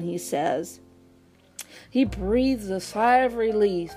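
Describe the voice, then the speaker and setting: A woman reading a children's story aloud in a slow, gentle storytelling delivery. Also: medium pitch, soft background music. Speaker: storybook reader.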